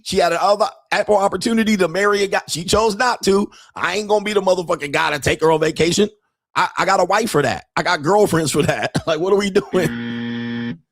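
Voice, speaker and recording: A man hosting a podcast, telling a story in a profane, animated way with frequent laughter. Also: sits high, dry recording, studio quality. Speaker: podcast host. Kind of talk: casual monologue.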